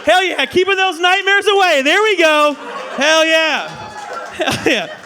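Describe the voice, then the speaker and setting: A man in his thirties doing a stand-up comedy set on a club stage, animated and slipping into mock voices. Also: very high-pitched, measured pace, faint music behind, some chatter behind. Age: 30s. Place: comedy club stage before a live audience. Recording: live club audience faintly heard. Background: audience laughter.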